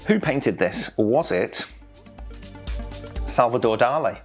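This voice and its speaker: A man's voice: medium pitch, lively intonation, takes it slowly, soft background music. A young man hosting an online quiz from home, playful and jokey, stumbling over foreign names. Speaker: quiz host.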